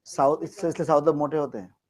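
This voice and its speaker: A man's voice: on the high side, steady tone, very fast, a little mellow, rough recording. A man from Bangladesh teaching a class, teasing and joking as he quizzes his students. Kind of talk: classroom lecture.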